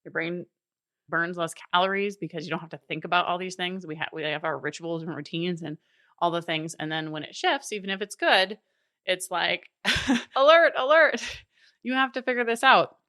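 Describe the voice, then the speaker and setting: A woman's voice: on the low side, a little fast, sharp tone, no room sound, studio quality. A woman in her thirties hosting a solo coaching podcast, earnest and encouraging, often laughing as she talks. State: briefly emotional.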